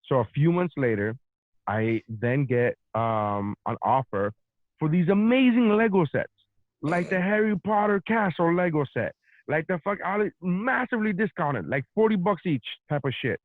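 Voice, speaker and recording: A man's voice: a little high, moderate pace, dry recording. A man rants through a long story with plenty of swearing, like a host holding the floor. His voice comes through narrow and phone-like. There is little room sound around it. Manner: profane, animated storytelling. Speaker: podcast host. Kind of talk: casual storytelling rant.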